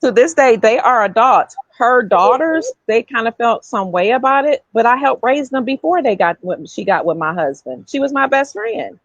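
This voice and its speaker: A woman's voice: on the high side, lively intonation, normal speed, few pauses, no room sound, dull audio. A woman hosting a podcast, telling a personal story in an earnest, casual way and often repeating herself. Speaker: podcast host.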